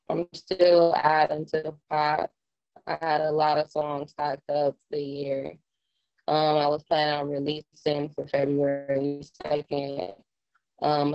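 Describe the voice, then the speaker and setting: A young woman rapper talks through a casual interview in a very low voice with a gravelly fry. She takes her time, with plenty of "um" and "like". Her delivery stays laid-back throughout. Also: dull audio. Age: young adult. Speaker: rapper guest.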